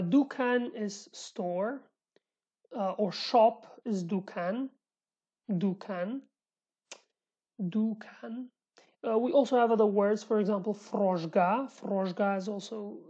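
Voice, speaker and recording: Female Kurdish teacher, casual and self-correcting, warm low brightness, muffled home recording. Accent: Sulaymaniyah Kurdish. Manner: repeats words slowly, self-correcting, chatty asides. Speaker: language teacher. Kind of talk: casual vocabulary lesson.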